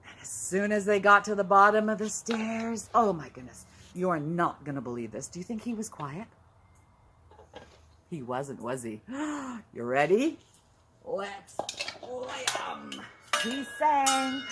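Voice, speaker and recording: A woman telling a story to small children. She is animated and questioning, with gasps and a lively, wide-ranging voice that takes its time. Steady hiss under the recording. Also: medium pitch, takes it slowly. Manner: animated, gasping, asks the listeners questions. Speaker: early-years educator. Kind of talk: children's storytelling with counting and songs. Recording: background hiss.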